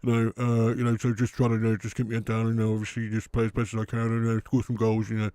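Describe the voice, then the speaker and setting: A man doing a comic impression of a bland young male star footballer, monotone and stuffed with "you know" and "obviously". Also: fairly low pitch, quick pace, dry recording, pitched below the performer's own voice, lightly acted. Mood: flat. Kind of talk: comic impression in a match watch-along.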